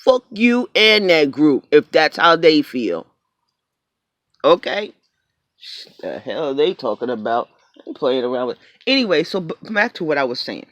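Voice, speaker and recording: Man venting to camera, high voice, lively swooping delivery, dry close sound, heavy cursing. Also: moderate pace, no echo. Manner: animated, profane, storytelling with acted quotes. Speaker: small business owner vlogging. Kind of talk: casual profane rant to camera.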